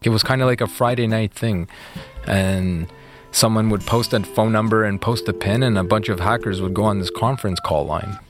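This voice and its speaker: A man with a somewhat low voice tells his story as an interview guest. He talks loosely and conversationally, leaning on "like" and "you know." Faint music plays behind him. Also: normal speed. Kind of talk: casual storytelling.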